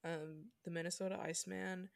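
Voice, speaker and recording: A woman co-hosting a casual podcast, talking in a low, gravelly voice. She hesitates a lot and fills her sentences with ums and likes. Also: flat delivery, brisk. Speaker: podcast co-host.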